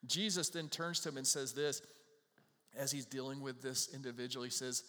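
A man's voice: medium pitch, normal speed, bright, forceful tone, long reverb tail. A man preaching a sermon, retelling scripture in casual everyday language as a pastor. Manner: conversational preaching, paraphrasing scripture in everyday words.

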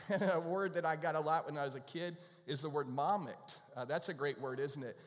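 A man's voice: a little high, fairly quick. A middle-aged male pastor giving a casual, joking sermon to his congregation in a church. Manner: chatty, joking, playful. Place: church sanctuary. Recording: reverberant church hall.

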